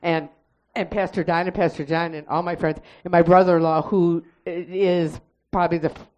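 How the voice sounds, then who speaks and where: A woman giving a testimony and spoken prayer in church, telling her story in a lively way and acting out the voices she quotes. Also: on the low side, normal speed, muffled recording.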